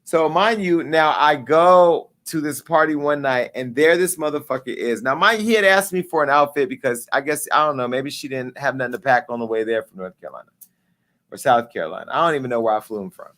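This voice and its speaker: A man in his forties hosting a live talk show, telling a story in a casual, profane way and acting out the dialogue with lively jumps in pitch. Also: brisk. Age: 40s. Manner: animated, acts out quoted dialogue with pitch jumps.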